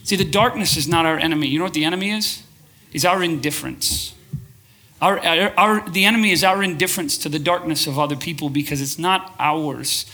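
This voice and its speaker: A man's voice: a little high, fairly quick, sharp tone. A man preaching a sermon to a live congregation, passionate and restless, often asking for a show of hands and restarting his phrases as he builds up. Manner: passionate, asks the crowd for shows of hands. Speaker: pastor.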